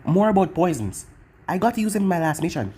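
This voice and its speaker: A narrator voicing an emotionless young male ninja who speaks flatly and literally. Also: mid-range voice, quick pace, husky. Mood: deadpan. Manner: flat and literal.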